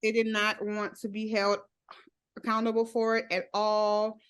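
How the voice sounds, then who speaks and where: A woman's voice: medium pitch, monotone, unhurried, a bit bright, clean tone. A woman guest in a podcast interview, speaking openly and laughing often as she tells her own story. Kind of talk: candid interview.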